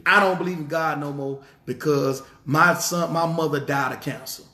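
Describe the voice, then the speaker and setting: A man's voice: fairly high pitch, fairly even intonation, moderate pace, sharp tone. A man preaching a sermon in an emphatic style, repeating rhetorical questions. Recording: roomy echo.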